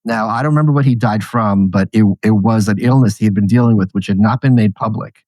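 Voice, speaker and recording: A man appearing as a guest on a podcast, telling anecdotes in an animated, casual way. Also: on the low side, fast, no room sound. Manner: animated storyteller, laughing at his own anecdotes. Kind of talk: casual interview conversation.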